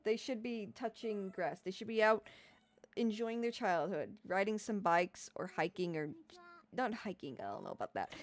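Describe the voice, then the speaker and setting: A woman's voice: medium pitch, lively intonation, brisk. A young adult woman livestreaming, chatting casually, rambling, swearing a lot and laughing often. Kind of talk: casual live-stream chat reacting to comments.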